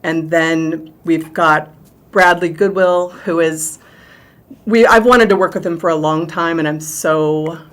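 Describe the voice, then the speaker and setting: Middle-aged woman, theatre director guest; animated, chatty, slightly low pitch. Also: unhurried. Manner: animated, chatty, laughs easily. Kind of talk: casual interview chat.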